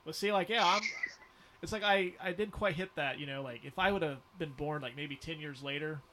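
A man's voice: fairly high pitch, fairly quick, pushed and bright, slight background noise. A man co-hosting a casual movie watch-along, rambling and joking with swearing. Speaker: podcast co-host.

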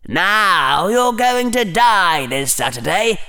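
A man's voice: high voice, very animated, sharp tone, clean tone, pitched above the performer's own voice, full character voice. A man doing a snide mocking inner critic. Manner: snide, drawn-out mockery.

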